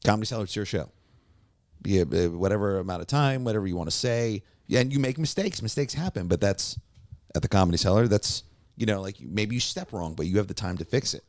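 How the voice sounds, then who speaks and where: A man, a warm-up comedian and podcast guest, telling anecdotes in casual chat and acting out the voices of people in his stories. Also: fairly low pitch, fast, no echo, clean studio sound. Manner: lively anecdotes, acts out quoted voices.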